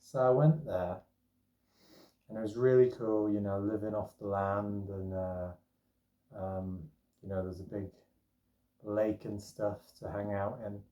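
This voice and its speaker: A young man rambles through a personal story, chatty and full of fillers. His voice is low and mellow. He sits well back from the mic in an echoey room. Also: little pitch movement, unhurried, long pauses, recorded from a distance. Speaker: vlogger telling a personal story. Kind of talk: casual storytelling.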